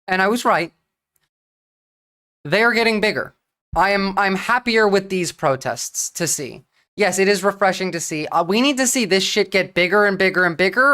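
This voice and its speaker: A woman's voice: lowish voice, fairly bright tone. Blunt New woman streamer. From New Jersey. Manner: blunt, profane, talks fast in bursts with restarts. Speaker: livestream political commentator. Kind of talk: casual livestream commentary.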